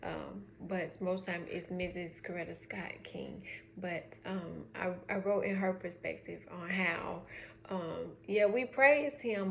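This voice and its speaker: A woman's voice: mid-range voice, measured pace, gravelly, highs cut off. Frank middle-aged Southern woman rambling. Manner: frank, rambling, with lots of fillers. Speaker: mother. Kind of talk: casual storytelling vlog. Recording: roomy echo, faint background noise.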